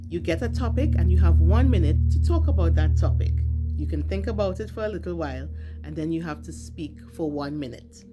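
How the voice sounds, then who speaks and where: A low-voiced woman teaching an English vocabulary lesson. She speaks slowly and clearly and stresses her words with care. Loud music plays behind her. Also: expressive, muffled recording.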